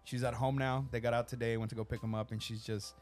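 A man's voice: medium pitch, fast talker, faint music behind. A man in his thirties hosting a casual podcast, swearing freely and telling family stories in a loose, rambling way. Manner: swears constantly, animated storytelling with acted-out quotes. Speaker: podcast host.

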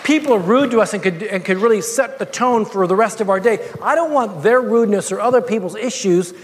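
A man's voice: high-pitched, a little fast, big-room sound, some chatter behind. A man preaching a sermon, telling a personal story with many repeated words and restarts.

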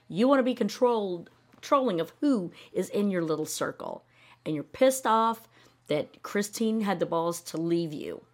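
A woman hosting a podcast, giving a blunt, exasperated reaction to a TV episode, swearing often. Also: on the low side. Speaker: podcast host reacting to a TV show. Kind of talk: ranting reaction commentary.

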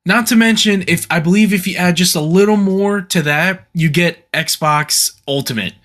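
A man with a slightly high voice co-hosting a casual gaming podcast. He gives blunt, swearing opinions, often stumbling and restarting mid-sentence before pushing his point. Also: normal speed, fairly bright tone. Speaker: podcast co-host.

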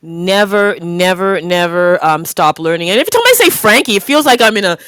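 A woman's voice: lowish voice, sing-song, fairly quick, a bit bright, clear, resonant tone, no echo. A woman hosting a podcast in casual chat, candid and reflective, laughing easily and often restarting her sentences. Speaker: podcast host.

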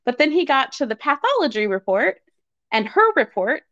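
A woman's voice: high voice, sing-song, normal speed, fairly bright tone. A woman as a guest, telling a personal story in conversation and acting out quoted dialogue with lots of fillers. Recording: slightly dull lo-fi recording.

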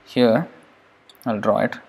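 A man's voice: on the low side, fairly even intonation, takes it slowly, vocal fry, darkish tone, breathy edge. A man teaching Sanskrit pronunciation in a video lesson, patiently repeating sounds and thinking aloud as he goes. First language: Bengali.

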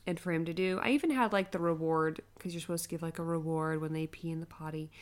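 A woman's voice: low voice, quick pace. A young woman co-hosting a casual chat podcast, telling a funny story with lots of laughter and acted-out quotes. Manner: animated storyteller, acts out quotes, laughs often. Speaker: podcast co-host.

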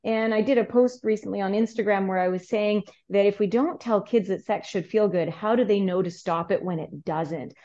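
Middle-aged woman on a podcast, earnest and explaining, kinda lively when she tells stories, bit dull audio. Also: medium pitch, moderate pace, hardly any pauses. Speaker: sex therapist guest. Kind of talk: podcast interview.

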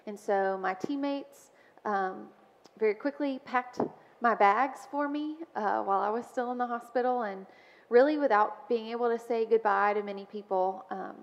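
A woman's voice: a little high, normal speed. A woman sharing a personal testimony in church, speaking in a storytelling way with frequent ums. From Mobile, Alabama. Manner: warm storytelling with frequent ums and soft laughs. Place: church sanctuary. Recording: dull sound with long church reverb.

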